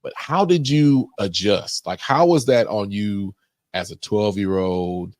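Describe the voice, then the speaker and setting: A man's voice: fairly low pitch, a little slow, darkish tone, dry recording, clean studio sound. A man hosting a podcast, asking long, searching questions and rephrasing as he goes. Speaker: podcast host. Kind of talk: interview questions.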